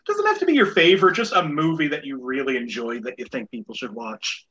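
Animated, bright-voiced host with a faint Boston accent. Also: male voice, mid-range voice, fairly quick, dull audio. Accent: light Boston. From Boston area. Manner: rambling, with many fillers and repeated words. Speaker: game show host. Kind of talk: casual podcast hosting.

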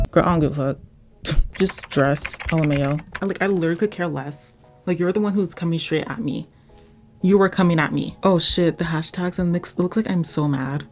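A woman's voice: on the low side, brisk, a little mellow. A young woman giving casual, profane, sarcastic commentary as she plays a video game. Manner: profane, sarcastic, trash-talking. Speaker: gaming vlogger. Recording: music playing behind voice.

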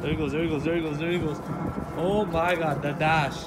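A young man vlogging casually, excitable and swearing, switching to high baby talk with his dogs. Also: brisk, very noisy. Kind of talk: casual vlog talking to viewers and dogs.

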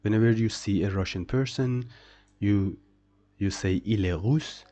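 A man's voice: on the low side, a little slow, dark tone. A man teaching beginner French pronunciation, saying each word several times and then translating it. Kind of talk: slow beginner pronunciation lesson.

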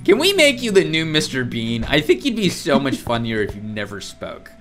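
A man's voice: medium pitch, huge pitch swings, normal speed, a bit bright, faint music behind. A man co-hosting a horror game playthrough, mocking his partner with sarcastic, profane jokes. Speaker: co-host playing a horror game. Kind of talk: gaming commentary.

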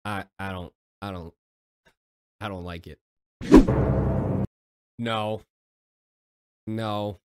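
A man's voice: on the low side, fairly even intonation, drawn-out words, pauses often. A man hosting a reaction video in casual commentary, exasperated and swearing, with sarcastic asides.

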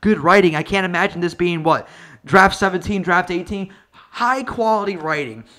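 A man with a high, bright voice riffs through a comedic movie review rant. He talks in a sarcastic, profane, tangent-heavy way. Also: moderate pace. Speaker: online video reviewer.

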